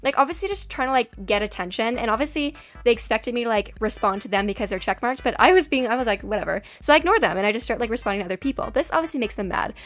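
A woman's voice: on the high side, lively intonation, racing, hardly any pauses, a bit bright. A woman telling a storytime vlog in a sassy, chatty way, full of "like". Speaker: YouTube graphics artist. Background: faint background music.

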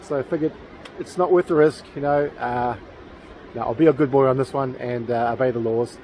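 A man with a New Zealand accent talks straight to camera outdoors, chatty and enthusiastic, wandering off into fillers and restarts. His voice is mellow and relaxed, with a faint hiss of outdoor noise and a vehicle now and then in the background. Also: medium pitch, fairly quick, poor audio. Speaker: paranormal vlogger. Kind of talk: casual outdoor vlog. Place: outdoors by a railway tunnel in the bush.

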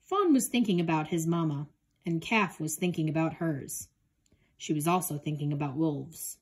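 A woman reading a children's picture book aloud in a gentle, expressive way. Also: low voice, normal speed, breathy edge. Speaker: storybook reader.

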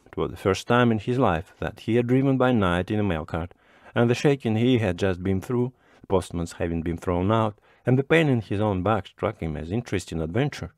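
A man with a low voice reads a classic short story aloud at a measured pace. His delivery is steady and expressive as he narrates the scenes. The recording is close and dry, with no room sound. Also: no echo. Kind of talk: audiobook narration.

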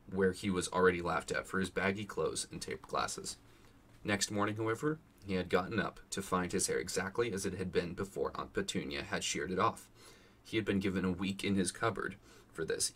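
A man's voice: deep voice, a bit bright, breathy edge. A man casually reading a novel aloud, voicing the characters and dropping crude asides. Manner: reads character lines in varied voices, swears in asides. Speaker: vlogger reading a book aloud.

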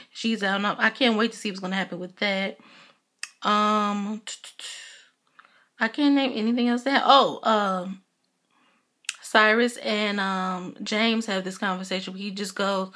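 A woman's voice: medium pitch, steady tone, moderate pace, fairly bright tone. A young woman vlogger giving a casual, chatty recap of a TV episode, retelling scenes and quoting characters as she goes.

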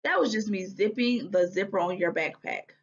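A woman voicing a lively young girl who coaxes her little brother along in a playful, eager way. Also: medium pitch, normal speed, husky. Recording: dull lo-fi recording.

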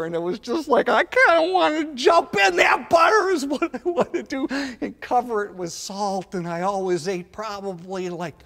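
Animated man telling stories on stage. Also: fairly high pitch. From Milwaukee, Wisconsin. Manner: animated, swings between loud excited shouts and soft asides. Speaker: stand-up storyteller. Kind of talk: comic storytelling on stage. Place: large theater stage. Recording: long theater reverb.

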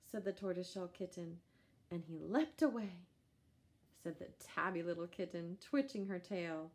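A woman reading a children's picture book aloud in a gentle, lively storytelling manner with animal sounds. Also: on the low side, normal speed. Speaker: storybook reader.

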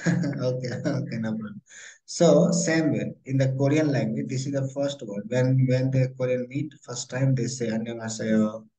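A man's voice: mid-range voice, steady tone, a little fast, dark tone. Man tutoring in a roomy echo. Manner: corrective, repeats instructions in non-native English. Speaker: Korean language teacher. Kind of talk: online tutoring lesson.

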